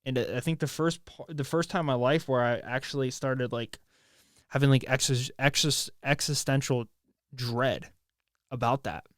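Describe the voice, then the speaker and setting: Man talking in a halting, emotional way. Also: mid-range voice, fairly even intonation, no echo, clean studio sound. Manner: halting, emotional, swears often, many restarts. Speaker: podcast host. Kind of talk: casual solo podcast monologue. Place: at home, near his bed.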